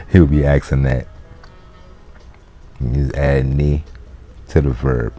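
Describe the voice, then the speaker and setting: A man's voice: very deep voice, takes it slowly, pauses often, warm tone, slightly rough, faint music behind. A man teaching a casual language lesson, explaining loosely with fillers and restarts. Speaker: Latin teacher.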